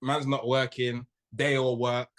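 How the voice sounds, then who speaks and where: A man's voice: medium pitch, level tone, a little slow, fairly bright tone. A young man, co-hosting a podcast and riffing in a joking, slangy way. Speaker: podcast co-host. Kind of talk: casual chat.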